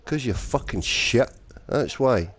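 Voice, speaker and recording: A man's voice: mid-range voice, lively intonation, takes it slowly, slight background noise. A young man in online gaming voice chat, swearing constantly and taunting other players. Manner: profane, taunting trash talk. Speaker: online gamer.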